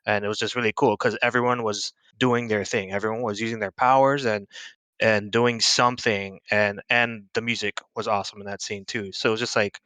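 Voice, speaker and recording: A man's voice: on the low side, steady tone, fairly quick, pushed and bright, clean tone, dry recording. A man co-hosting a movie podcast, eagerly recounting scenes in casual chat. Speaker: podcast co-host.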